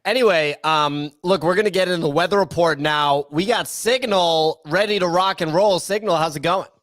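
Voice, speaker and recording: A man's voice: on the high side, normal speed, a bit bright, no echo. A man hosting a podcast in casual chat, telling jokey stories and acting out quotes. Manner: jokey storyteller, acts out quotes. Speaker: podcast host.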